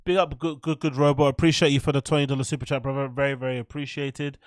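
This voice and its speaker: A man's voice: mid-range voice, level tone, fast talker, dry recording, clean studio sound. A man hosting a casual livestream, rambling, swearing freely and answering his chat. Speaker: livestream host.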